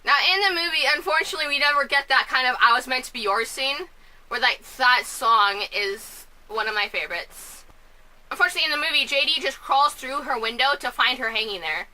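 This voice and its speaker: A woman chatting at home in a casual vlog review, scatterbrained and talkative with sudden loud bursts of outrage. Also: high voice, animated, fairly quick. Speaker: film and musical reviewer. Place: at home, family asleep next door.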